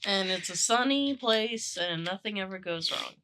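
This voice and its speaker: A woman's voice: medium pitch, expressive, moderate pace, bright, forceful tone. A woman co-hosting a podcast, chatting casually in a blunt, teasing way and swearing freely. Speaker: podcast co-host. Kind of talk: casual chat.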